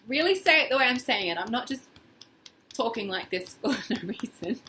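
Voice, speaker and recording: Woman, bright, slightly higher voice, casual and expressive tapping coach, faint noise behind. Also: normal speed. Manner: casual, expressive, acts out feelings in quoted phrases. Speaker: tapping session guide. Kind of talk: guided tapping exercise.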